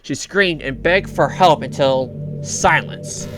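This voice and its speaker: A young man casually reading a fan story aloud and reacting, rambling and correcting himself, with excited shout-outs. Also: fairly high pitch, takes it slowly. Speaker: channel host reading fan lore. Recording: music playing underneath.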